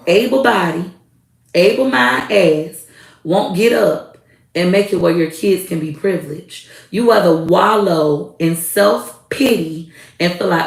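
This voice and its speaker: A woman in her thirties holds forth in a blunt, heated, profane rant with a low, gravelly edge to her voice. She sits a little back from the mic in an echoey room. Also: distant mic. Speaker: vlogger. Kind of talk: casual rant to camera.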